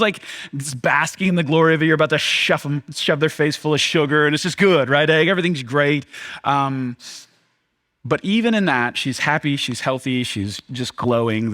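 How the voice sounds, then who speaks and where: A young male pastor delivers a sermon in a church, his voice sitting at an ordinary middle pitch. He preaches in a lively, conversational way, often jumping up in pitch and volume to act out a listener's reaction. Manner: animated, acts out crowd reactions in a raised voice.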